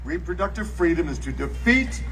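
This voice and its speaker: A man giving an earnest political rally speech outdoors, rising to shouts on key lines. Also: sits high, sing-song, moderate pace, faint music behind. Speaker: rally speaker. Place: outdoor rally beside a bus. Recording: distant outdoor rally mic with noise.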